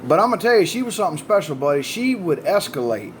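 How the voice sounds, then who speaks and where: Man, 30s, folksy and profane storyteller, slightly high voice, faint background noise. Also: very animated, quick pace. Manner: folksy, profane, drawling with repeated "buddy" and "man". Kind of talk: casual spoken storytelling.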